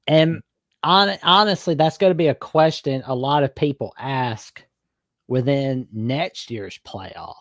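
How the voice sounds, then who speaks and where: A young man of middle pitch chats about college football on a call-in show, hedging his takes and thinking aloud. His voice is close and dry. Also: takes it slowly, dry recording. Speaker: co-host of a sports call-in show. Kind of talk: casual sports chat.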